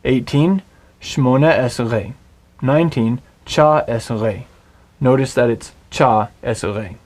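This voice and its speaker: A man leads a recorded language lesson at an unhurried, deliberate pace. He speaks in a mid-range voice, patiently drilling each word so the viewer can follow and repeat. The sound is a close, clean voice-over. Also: mid-range voice, a little mellow. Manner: slow, patient drilling of words. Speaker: Hebrew teacher.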